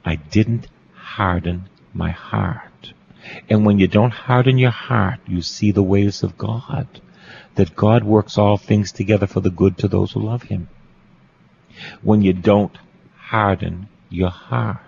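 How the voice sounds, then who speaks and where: 낮고 거친 목소리의 남자 신부, 설교 중. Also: male voice, fairly low pitch, steady tone, slow, vocal fry, a little mellow, highs cut off, slight background noise. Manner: repeats phrases for emphasis, asks the listeners questions. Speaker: Catholic priest. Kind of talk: storytelling sermon.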